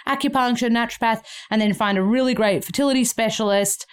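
A woman's voice: medium pitch, fast, clean tone. Australian woman, 30s, guest telling stories with energy, slips into voices for the people she quotes. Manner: lively, acts out the people in her stories. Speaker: guest, actor. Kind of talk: animated storytelling in a chat.

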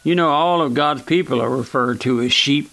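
A man preaching a sermon on the radio in a plain, folksy, earnest manner, often calling out to his listeners as friends and slowing down for scripture. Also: medium pitch, gravelly, a bit bright, dry recording. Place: church auditorium.

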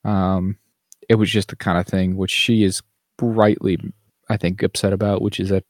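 A man's voice: low-pitched, little pitch movement, normal speed, darkish tone, dry recording, clean studio sound. A man co-hosting a podcast, chatting casually about a TV show in a rambling way, with lots of fillers and restarts. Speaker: podcast co-host. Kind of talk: casual chat reviewing TV.

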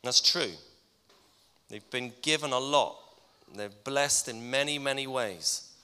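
A middle-aged pastor speaks in a chatty, gently teasing way from the front of a church. His voice is bright and crisp, and it rings out with a long reverb through the hall. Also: mid-range voice, slow pace. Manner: warm-hearted, teasing, conversational preaching. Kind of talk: farewell tribute in a sermon.

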